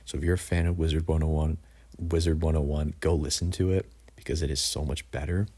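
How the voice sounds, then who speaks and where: With a rumbling low, husky, mellow voice, a young man runs through a casual album ranking at a brisk clip and in a flat delivery. He's opinionated and blunt, saying "like" a lot.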